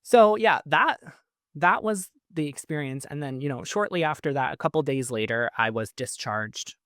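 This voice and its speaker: A man's voice: a little high, normal speed, bright, forceful tone, dry recording, clean studio sound. A man from Canada, hosting a podcast and telling a personal story in a chatty way, full of fillers and laughs. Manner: chatty, lots of "like" fillers, laughs between lines. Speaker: podcast host. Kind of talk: casual storytelling.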